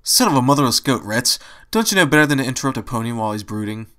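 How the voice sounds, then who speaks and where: A man's voice: medium pitch, animated, racing, sharp tone. A man voicing a gloomy, brooding male unicorn who grumbles wearily in a fan-fiction reading. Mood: irritated. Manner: grumbling, weary.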